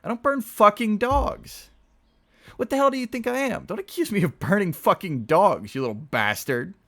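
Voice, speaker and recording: A man reading aloud, voicing an erratic, volatile young man who turns excitable and shrill. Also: a little slow, gravelly, exaggerated voice. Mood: furious. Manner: shrill, excitable, bursts into shouting.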